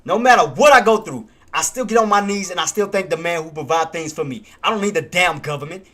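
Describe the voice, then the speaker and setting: A man hosting a live trading stream talks in an emphatic, streetwise way. His voice sits high with a bright, forceful edge. He repeats himself to drive each point home. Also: quick pace. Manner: emphatic, repetitive, streetwise casual speech. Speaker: stock trading livestream host.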